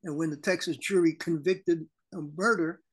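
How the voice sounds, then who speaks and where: A man co-hosting a political talk show, his voice sitting a little higher than most men's. He delivers his commentary in an animated, indignant way. He is heard over a remote call link. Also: moderate pace, slightly rough. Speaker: co-host.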